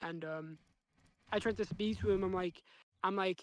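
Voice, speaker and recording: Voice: medium pitch, normal speed, long pauses. A speaker with a Northern English accent, chatting casually on a livestream and telling a story in a rambling way full of fillers. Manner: rambling, filler-heavy, animated retelling.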